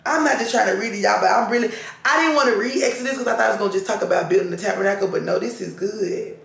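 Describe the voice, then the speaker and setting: A woman's voice: mid-range voice, rapid-fire, creaky. A woman, chatting casually and drawling asides while reading scripture aloud at home. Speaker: lifestyle vlogger. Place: at home, indoors. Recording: roomy echo.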